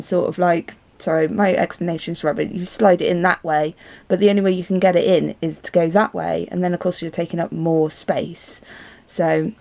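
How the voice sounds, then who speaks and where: A woman's voice: fairly low pitch, vocal fry, darkish tone. A woman, telling a rambling, chatty story in a casual vlog. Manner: chatty and rambling, many ums. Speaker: vlogger.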